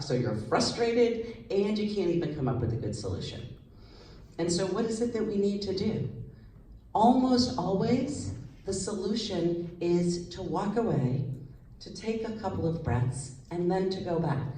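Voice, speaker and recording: Woman psychologist, low mellow voice, chatty stage talk, echoey hall. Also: a little hiss or hum. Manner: lively, conversational, asks the audience questions. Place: large hall with audience. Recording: echoey hall, voice slightly distant.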